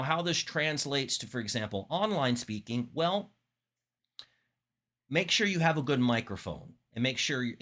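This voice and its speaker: A man teaching public speaking in an instructional talk, demonstrating vocal techniques with expressive examples. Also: mid-range voice. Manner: demonstrates voices, animated and expressive.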